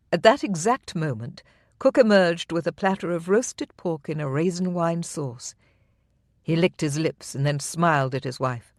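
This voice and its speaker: An audiobook narrator reading a historical romance in measured, even storytelling. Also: medium pitch, no echo, studio quality. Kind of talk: scripted narration.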